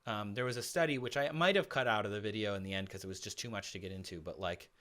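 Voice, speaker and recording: American guy in his 30s, lowish bright voice, rambling casual chat. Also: quick pace. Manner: talkative, lots of "like" and restarts. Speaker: podcast guest. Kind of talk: casual conversation.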